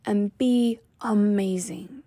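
A woman's voice: medium pitch, fairly even intonation, slow pace, dark tone, slightly rough, no room sound, clean studio sound. A woman wellness coach giving a heartfelt, emphatic motivational talk to the camera.

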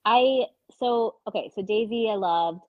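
A woman's voice: mid-range voice, measured pace, no room sound, phone-quality sound. A young woman co-hosting a podcast in casual chat, ranting heatedly, swearing and acting out quotes. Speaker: podcast co-host.

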